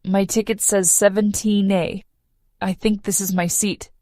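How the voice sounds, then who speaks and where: A woman reading the lines of a calm, friendly male airline passenger in a language-lesson story, with a gentle manner. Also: high-pitched, unhurried, no room sound, studio quality. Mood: kind. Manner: gentle, easygoing.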